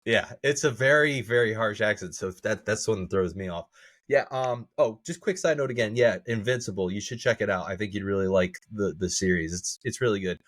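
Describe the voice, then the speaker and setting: Low-voiced man chatting with laughs. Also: brisk, fairly bright tone. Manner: laughs often, stammers and restarts. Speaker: podcast co-host. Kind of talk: casual chat.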